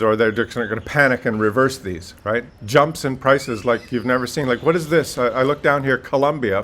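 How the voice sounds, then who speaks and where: A man talks straight to the viewer in an indignant, explanatory commentary. His voice sits at a middle pitch for a man. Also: a bit bright. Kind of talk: video commentary.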